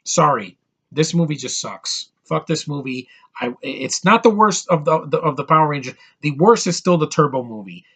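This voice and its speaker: A man's voice: on the high side, lively intonation, normal speed, a bit bright, slightly rough. A man in his thirties giving an angry, profane movie review rant, hammering his points with emphatic repetition. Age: 30s.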